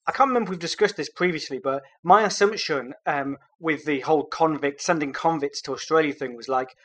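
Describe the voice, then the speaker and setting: A man from England hosts a casual comedy podcast. He riffs with dry, teasing humour. His delivery is conversational and relaxed. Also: on the high side, fairly quick. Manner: dry, joking banter. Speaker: podcast host.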